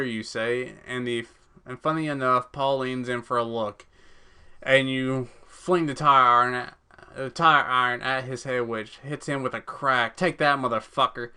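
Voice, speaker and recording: Brief: male let's-play gamer, clear and bright, casual swearing while reading. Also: medium pitch. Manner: casual, swears, stumbles over words. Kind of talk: reading a text game aloud with reactions.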